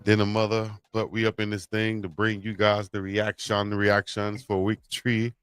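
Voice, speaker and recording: Low-voiced, laid-back man hosting. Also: completely flat delivery, moderate pace, fairly bright tone, clear, resonant tone, no room sound, studio quality. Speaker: host. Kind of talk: casual sports talk show.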